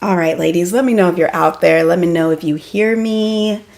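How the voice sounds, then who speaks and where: Lady chatting on a live stream at home, kinda low voice, excitable, laughs at herself. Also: quick pace, gravelly. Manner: chatty and excitable, addresses viewers by name; self-deprecating, apologetic asides. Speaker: homeschool mom vlogger hosting a live stream. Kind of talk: casual live-stream chat.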